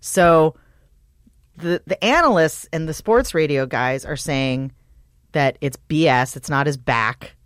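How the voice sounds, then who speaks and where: A woman's voice: deep voice, takes it slowly, no room sound. A woman co-hosting a casual sports podcast, chatty and gossipy about the league. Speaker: podcast co-host.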